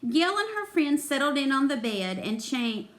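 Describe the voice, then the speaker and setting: A woman's voice: high voice, very animated, moderate pace. A woman reading a children's chapter book aloud, expressively voicing the characters. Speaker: reader.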